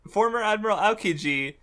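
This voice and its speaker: Excitable man laughing through casual chat. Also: sits high, normal speed, clean tone. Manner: excitable, laughing often, swearing freely; rambling with many fillers and restarts. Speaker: podcast co-host.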